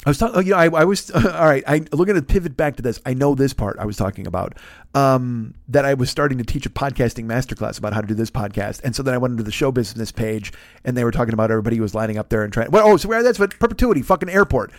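A man's voice: medium pitch, racing, dry recording, clean studio sound. A man, a comedian hosting a podcast, ranting casually and profanely while acting out quotes.

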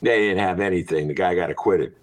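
A man's voice: low voice, fast. A man hosting a casual podcast chat, rambling and joking with plenty of fillers. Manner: rambling, jokey, lots of uh fillers. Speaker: radio show host.

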